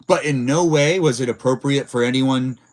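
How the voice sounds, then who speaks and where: A man's voice: mid-range voice, normal speed. Guy on a live stream just talking, rambly, lots of "like", reading chat as he goes. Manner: rambling, many filler words; reads and answers chat messages. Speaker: livestream host. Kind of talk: casual livestream chat.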